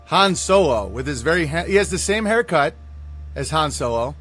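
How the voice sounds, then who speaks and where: A man's voice: on the high side, expressive, normal speed, a bit bright, soft background music. Blunt, sarcastic male commentator. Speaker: commentary video host. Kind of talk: casual reaction commentary.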